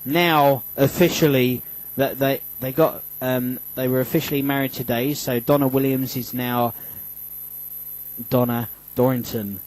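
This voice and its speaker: A man's voice: mid-range voice, steady tone, measured pace, poor audio. Rambling man hosting a radio show. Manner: rambling, with many fillers and restarts; joking, self-mocking. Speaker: radio host. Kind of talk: casual radio show chat.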